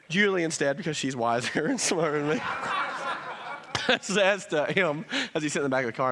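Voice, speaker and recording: A pastor in his thirties preaching a sermon and telling a family story, moving from quiet, low asides to loud, animated stretches. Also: normal speed, pauses often.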